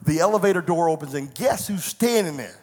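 A man's voice: on the high side, animated, fairly quick, in a large hall. A middle-aged man, a pastor, preaching a sermon that moves from personal storytelling into fervent preaching in a church. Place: church sanctuary.

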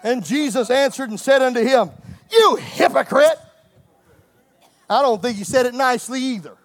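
A man preaches to his congregation, his voice sitting strikingly high. He swings between playful asides and full-throated shouts of praise, teasing the crowd one moment and calling out scripture the next. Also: quick pace, dry recording. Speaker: pastor. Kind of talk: sermon.

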